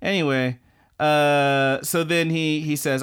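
A male podcast co-host recapping an anime in casual chat, pitched in the middle. He rambles loosely and trails off with filler phrases and crude jokes. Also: fairly even intonation, moderate pace, smooth.

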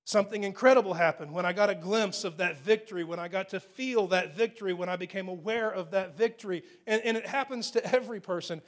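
A man with a fairly high voice delivers a sermon from the pulpit. He presses key phrases hard and loud, then drops to quiet, softened lines to let a point land. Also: fast talker, hardly any pauses. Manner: preaching with swings between loud emphasis and hushed, soft delivery. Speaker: pastor.

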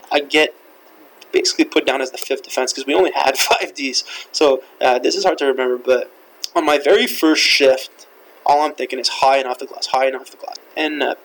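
A man's voice: mid-range voice, a bit bright, a little hiss or hum, poor audio. A young man whose first language is French, hosting a podcast and telling a rambling, profane story full of fillers. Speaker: podcast host. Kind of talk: casual storytelling.

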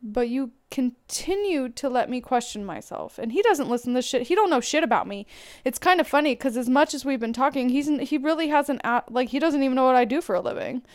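A woman's voice: sits high, animated, fairly quick. A woman host venting bluntly and profanely about a man who let her down, in a confessional rant. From Irish heritage. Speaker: podcast host.

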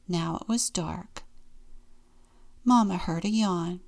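Brief: woman deacon, storybook read-aloud, slow and gentle, some vocal fry. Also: on the low side. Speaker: deacon reading a children's book.

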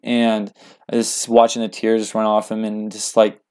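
Young male guest, slightly low voice, earnest, halting delivery with many fillers. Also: completely flat delivery, a little mellow, smooth. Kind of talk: casual spoken storytelling.

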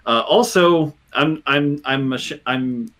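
A man co-hosting a casual podcast, halting and stammering on restarts as he critiques a match. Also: medium pitch, a bit bright. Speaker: podcast co-host. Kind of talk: casual chat reviewing wrestling.

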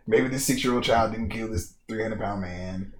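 A man's voice: lowish voice, moderate pace. A man co-hosting a casual comedy podcast, laughing and riffing on his co-host's jokes and swearing freely. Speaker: podcast co-host. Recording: echoey room with faint noise.

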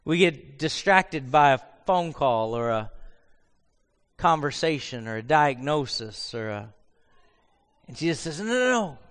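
A man preaching a sermon in a church and telling the story with lively acted-out voices. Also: medium pitch, unhurried, pauses often, big-room sound. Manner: animated storyteller who acts out voices. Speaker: pastor. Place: church sanctuary.

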